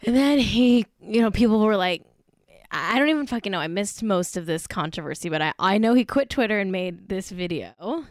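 A woman's voice: medium pitch, lively intonation, brisk, no room sound, studio quality. A woman co-hosting a comedy podcast in casual chat, rambling and gushing with lots of "like"s. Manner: gushing, full of likes, with frequent laughs. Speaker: podcast co-host.

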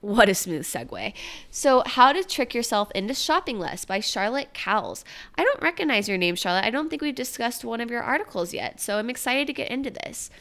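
A woman's voice: a little high, lively intonation, fairly quick, fairly bright tone. A young woman hosting a casual solo podcast, chatting breezily through news articles with jokey asides. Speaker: podcast host.

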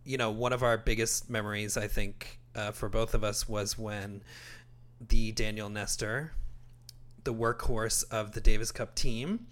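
A man in his forties from Canada, co-hosting a casual podcast and calmly recounting facts. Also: lowish voice, unhurried. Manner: steady, informative, recounts facts. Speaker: podcast co-host. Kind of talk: casual chat.

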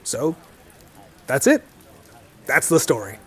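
A young man being interviewed, relaxed and wry, laughing easily. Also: mid-range voice, takes it slowly, breathy edge. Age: young adult. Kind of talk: conversational interview.

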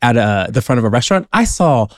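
A man's voice: medium pitch, no room sound. Male co-host, easygoing storyteller, dry close-mic sound. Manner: relaxed, unhurried storytelling. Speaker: podcast co-host. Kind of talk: casual chat.

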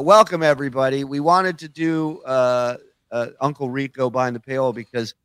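A man's voice: mid-range voice, a bit bright, clear, resonant tone, no echo. A man hosting a podcast, joking crudely and laughing often with his co-hosts. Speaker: podcast host. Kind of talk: casual crude banter.

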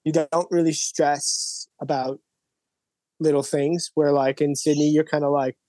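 A man's voice: fairly high pitch, little pitch movement, unhurried, warm tone, no echo. A man, a guest musician, chatting casually on a podcast, rambling and full of "like" and "you know". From Canada.

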